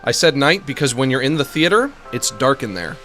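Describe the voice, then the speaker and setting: Rambling, animated male game streamer. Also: mid-range voice, brisk, faint music behind. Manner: rambling, joking, self-mocking asides. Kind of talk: casual chat on a live stream.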